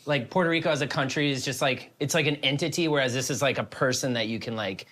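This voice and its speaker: A man, a podcast guest, chatting casually at a dinner table with relaxed filler-heavy remarks. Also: medium pitch, fast talker. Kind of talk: casual chat.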